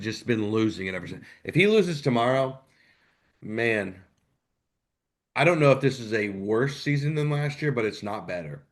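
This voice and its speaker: A man co-hosting a live sports podcast, ranting heatedly, his voice jumping up when he gets worked up. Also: mid-range voice. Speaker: podcast co-host.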